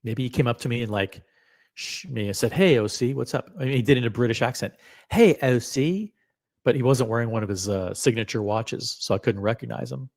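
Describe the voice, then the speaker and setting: A middle-aged man hosting a live stream, excitable and rambling, with many fillers and some swearing. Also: medium pitch, fast, creaky. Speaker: host. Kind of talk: casual live-stream chat.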